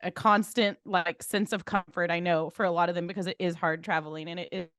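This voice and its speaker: A woman's voice: lowish voice, fairly even intonation, fairly quick, a bit bright, no echo, clean studio sound. Gushing woman podcast co-host. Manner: gushing, rambling with lots of fillers. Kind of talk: casual chat.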